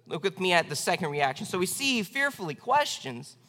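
A young man, a youth pastor, preaching a sermon in a church with lively, acted-out asides. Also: brisk, long reverb tail. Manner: animated, acts out quoted voices with big swings in pitch and loudness. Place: church sanctuary.

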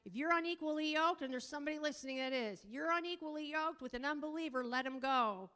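A woman teaching a sermon on God as father, preaching emphatically and drawing out key words slowly, sometimes breaking into tongues. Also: sits high. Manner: emphatic preaching, rising to near-shouting; speaks in tongues at times. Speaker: prayer teacher.

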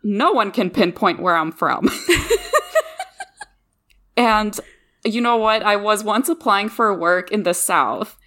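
A woman who grew up in the Midwest, with English as her second language, co-hosting a podcast and telling stories in animated, chatty conversation. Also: mid-range voice, measured pace. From Midwest of the United States. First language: not English. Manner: chatty, animated storytelling with laughs. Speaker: podcast co-host. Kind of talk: casual chat.

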